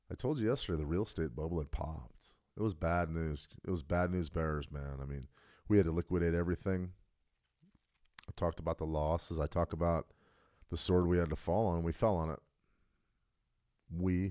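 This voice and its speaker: Middle-aged man, very low voice, dry close mic; blunt streamer who gets loud and emphatic. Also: no echo. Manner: blunt, emphatic, builds to excited outbursts. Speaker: trading stream host. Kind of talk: casual livestream talk.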